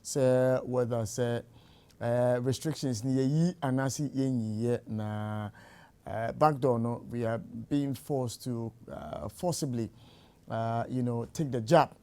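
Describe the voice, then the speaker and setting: Ghanaian radio host, probing questions. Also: male voice, medium pitch, fairly even intonation, slow pace, warm tone, smooth. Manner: probing, mixes Twi and English. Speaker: radio talk show host.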